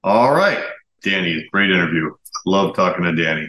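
A man's voice: deep voice, expressive, pushed and bright. A man hosting a podcast, interviewing a guest and introducing clips. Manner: affirming listener with quick interjections. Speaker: podcast host. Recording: roomy echo.

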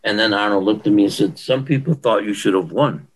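A man's voice: fairly low pitch, fairly quick, poor audio. A man, a former bodybuilder, telling stories in an interview and acting out what people said. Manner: animated storyteller acting out quotes. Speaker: guest, former pro bodybuilder. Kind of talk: storytelling interview.

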